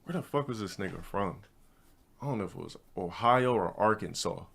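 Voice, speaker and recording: Low-voiced man ranting to his chat. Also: lively intonation, fairly quick, gravelly, fairly bright tone, breathy edge. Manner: rambling storytelling, blunt and profane. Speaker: streamer. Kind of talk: casual ranting monologue to a live chat.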